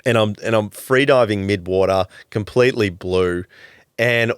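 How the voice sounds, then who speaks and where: A man, telling stories as a podcast guest in a lively, casual way, swearing freely and calling people "mate". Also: on the low side, moderate pace, smooth, no echo, studio quality. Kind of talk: casual storytelling chat.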